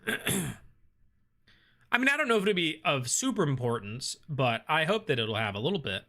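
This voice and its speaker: A man's voice: a little high, big pitch swings, unhurried, pauses often, sharp tone. A man hosting a casual live stream, reading viewer comments aloud and thinking aloud with many ums and uhs. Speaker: host reading live chat.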